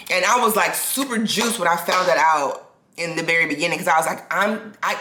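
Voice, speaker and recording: A woman in her forties telling a personal story to her own camera, animated and restarting sentences. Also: fairly low pitch, roomy sound. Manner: animated, restarts sentences, acts out quoted people. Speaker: vlogger. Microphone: self-filmed camera.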